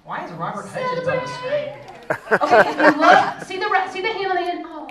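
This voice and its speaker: A woman's voice: very high voice, huge pitch swings, a little fast. A woman hosting a live event, with bubbly, laughing banter between speakers. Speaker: event host. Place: large hall with an audience. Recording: echoey hall from far off, crowd noise.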